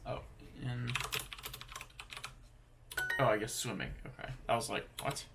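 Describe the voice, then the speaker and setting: A young man thinking aloud as he practices a language lesson, sounding out foreign words haltingly. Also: medium pitch, gravelly, a bit bright, a little hiss or hum. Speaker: language learner.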